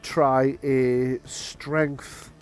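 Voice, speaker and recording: A man's voice: mid-range voice, flat delivery, very slow, faint music behind. A man running a tabletop game as game master, narrating with frequent hesitations. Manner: hesitant, many ums and restarts.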